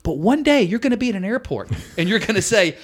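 A man's voice: high voice, big pitch swings, quick pace, voice pushed up. A man doing a blunt veteran comic, raised voice. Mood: insistent. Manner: stern, insistent warning. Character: blunt veteran male comedian giving advice.

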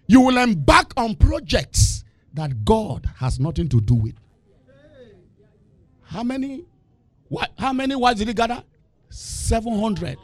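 A male preacher giving a lively sermon, asking the congregation questions and laughing between points. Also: high-pitched, a little slow, pauses often, no room sound, clean studio sound. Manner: animated, call-and-response questions, laughing asides.

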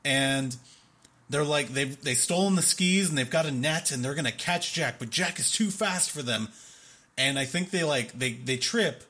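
Bright-voiced man recapping a movie. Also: mid-range voice, normal speed. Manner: animated storytelling, acts out quotes, laughs often. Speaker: podcast co-host reviewing a movie. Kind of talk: casual chat.

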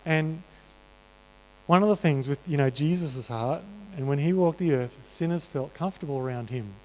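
Earnest preacher in a ringing hall. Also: male voice, a little high, normal speed, darkish tone. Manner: earnest, conversational, many fillers. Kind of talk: sermon. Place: church hall. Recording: reverberant church hall.

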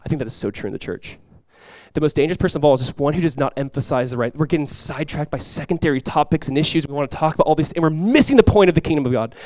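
A man preaching a sermon as pastor, telling stories with lively energy, then dropping quiet and slow to press a point. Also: a little high, no echo, studio quality. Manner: animated storytelling, drops quiet and slow for emphasis; conversational, many fillers like "like" and "you guys".

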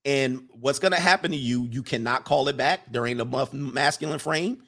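A man hosting a live stream, giving a casual commentary monologue in an animated, preachy way and repeating his lines for emphasis. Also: medium pitch, moderate pace, vocal fry. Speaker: live-stream host reading viewer comments.

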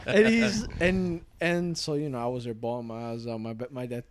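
A young man in casual chat, telling a story with lively quoted voices and plenty of swearing. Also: mid-range voice, normal speed, crowd noise. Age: young adult. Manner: animated storyteller, swears freely, acts out quotes.

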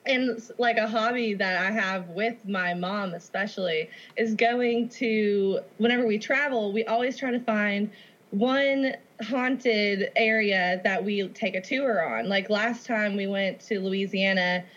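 A woman's voice: mid-range voice, a little slow, a bit bright. A young woman from Tennessee with a mild Southern accent, chatting as a podcast guest over a video call, laughing often and using lots of casual fillers. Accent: Southern US, Memphis Tennessee. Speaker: guest co-host. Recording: dull lo-fi video call audio.

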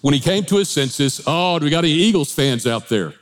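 A man preaching as a pastor, animated, with changing pace, asides and humor. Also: fairly high pitch, brisk. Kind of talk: sermon.

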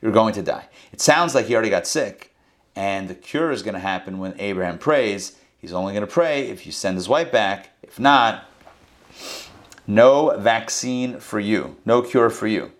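Lively man teaching a text-study lesson. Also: on the low side, normal speed. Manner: animated, conversational, dramatizes the text.

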